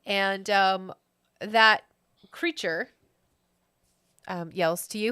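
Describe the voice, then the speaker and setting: A woman's voice: medium pitch, fairly even intonation, extremely slow, pauses often, sharp tone, smooth, no echo, studio quality. A woman running a tabletop game as game master, chatty and laughing often, with many fillers.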